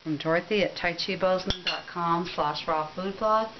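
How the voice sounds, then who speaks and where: A woman's voice: lowish voice, moderate pace, lo-fi sound, background noise. A woman giving a casual, rambling recipe demonstration, chatty, with frequent ums and self-corrections. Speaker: cooking demonstrator.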